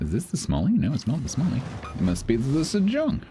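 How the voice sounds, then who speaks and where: A man's voice: medium pitch, huge pitch swings, fairly quick, dark tone, slight background noise. A man chatting casually while streaming a naval battle game, playful and self-mocking as he jokes with his viewers. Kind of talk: casual gaming stream commentary.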